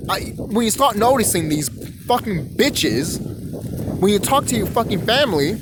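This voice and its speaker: High-voiced young man ranting, profane. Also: very animated, normal speed, very noisy. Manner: rambling, profane, repeats words while ranting. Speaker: vlogger. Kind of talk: profane rant monologue.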